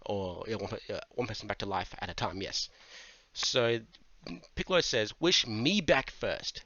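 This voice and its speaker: Excitable swearing man reviewing manga. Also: fairly low pitch, moderate pace, no room sound. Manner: animated, swears a lot, goes on tangents. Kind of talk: casual review monologue. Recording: dull lo-fi dry mic.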